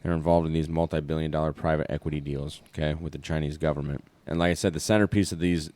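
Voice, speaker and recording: A man's voice: rumbling low, steady tone, fast talker, darkish tone, dry recording. A man co-hosting a podcast, chatting casually with wry, joking asides. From Iowa. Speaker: podcast co-host. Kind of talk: casual political chat.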